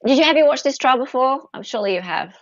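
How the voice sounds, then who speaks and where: Bubbly Australian woman host, gravelly edge. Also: sits high, lively intonation, no echo. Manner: bubbly, chatty, quick laughs and gasps. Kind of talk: casual livestream chat. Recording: dull dry lo-fi mic.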